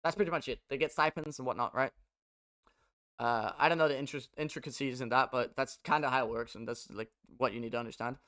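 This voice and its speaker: A man's voice: mid-range voice, fairly even intonation, fast talker, sharp tone. A young man who plays esports and streams, ranting casually to his viewers, agitated and profane, with many stumbles and restarts.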